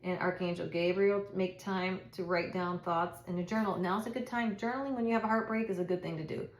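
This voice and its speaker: A woman's voice: lowish voice, fairly even intonation, brisk. A middle-aged woman doing a casual tarot reading, chatty and reassuring, thinking aloud with frequent restarts. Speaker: tarot reader. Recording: echoey room.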